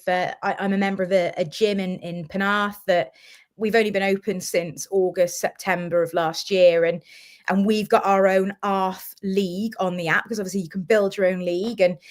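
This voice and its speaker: A Welsh woman chatting as a guest on a live show. She tells her stories with energy and acts out the voices of the people in them, with a natural, conversational delivery. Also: medium pitch. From Wales. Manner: animated storyteller, acts out quoted voices. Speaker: guest, Wales team captain. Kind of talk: casual live chat, storytelling.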